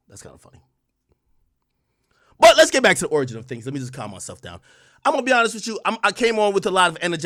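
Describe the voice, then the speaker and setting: A man on a livestream, ranting loudly and profanely at a rival, swinging between shouting and calmer talk. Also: high voice, very fast, pauses often, no room sound, studio quality. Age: adult under 45. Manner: loud, profane, combative, swings from shouting to calm. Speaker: streamer commentator. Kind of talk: heated livestream rant.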